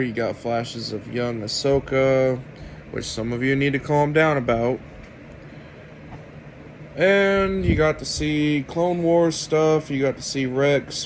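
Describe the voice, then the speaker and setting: A sarcastic man rants his opinions straight at his viewers in an unhurried, deliberate way. He takes his time with each point, drawing it out. A faint air-conditioning hum sits under his middle-range voice. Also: medium pitch, low-quality recording. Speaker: video commentator. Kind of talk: opinionated commentary rant.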